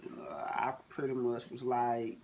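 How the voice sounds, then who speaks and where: A man's voice: mid-range voice, animated, slow pace, creaky, a crowd in the background. A man joining his wife on a vlog, chatting casually in short, laid-back remarks. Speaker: husband guest on vlog. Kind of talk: casual chat.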